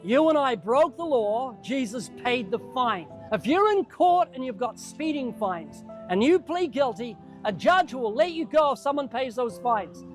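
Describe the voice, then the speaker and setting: A man's voice: very high voice, expressive, unhurried, few pauses, faint music behind. A man preaching one-on-one to a stranger in an earnest, urgent way, often calling him by name. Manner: addresses the listener by name. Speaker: street evangelist.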